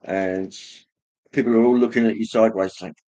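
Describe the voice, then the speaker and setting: A man hosting a livestream, casually rambling as he reads viewer comments, with many pauses and fillers. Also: lowish voice, steady tone, dark tone. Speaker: livestream host reading chat. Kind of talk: casual chat.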